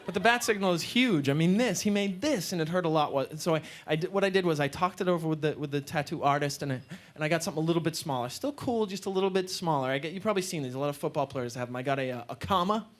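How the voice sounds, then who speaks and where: A male stand-up comedian performing a live set, telling stories with an animated delivery and deadpan asides, on a club stage with a handheld mic. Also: on the high side, quick pace, few pauses. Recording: live club with audience laughter and room noise.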